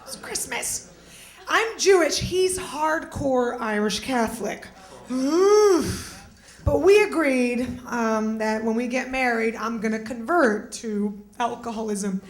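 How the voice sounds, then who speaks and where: A woman's voice: fairly high pitch, expressive, slow pace. A woman doing a stand-up comedy set on a club stage, bubbly and exclamatory, with mock outbursts. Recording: roomy club stage sound.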